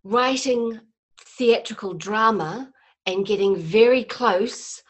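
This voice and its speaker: A middle-aged woman from New Zealand with a softened New Zealand accent, a guest chatting casually in a podcast interview, self-deprecating and rambling with many fillers. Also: a little high, slow. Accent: New Zealand, softened by years in England. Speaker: guest comedy writer.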